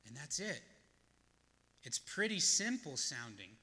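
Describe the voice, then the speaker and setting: Man preaching, earnest pastor, very bright tone, slightly high voice, long hall reverb. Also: big pitch swings, a little slow. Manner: earnest, plain-spoken teaching with rhetorical questions. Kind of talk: sermon.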